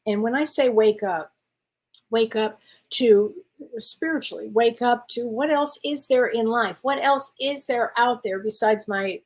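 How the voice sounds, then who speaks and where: A woman's voice: a little high, a little slow. A woman, a spiritual medium chatting encouragingly with viewers on a live stream. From Wisconsin, USA. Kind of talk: casual live-stream chat reading viewer comments.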